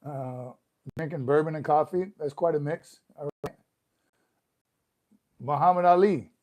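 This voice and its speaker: A man's voice: a little high, slow pace, pauses often, a little mellow. Upbeat man chatting through a live stream. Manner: upbeat, chatty, greets viewers by name. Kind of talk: casual livestream chat reading comments. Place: room at home.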